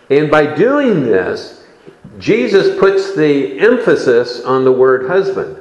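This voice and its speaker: Slow, deliberate male preacher in an echoey hall. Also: fairly high pitch, very animated, darkish tone, muffled recording. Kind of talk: sermon.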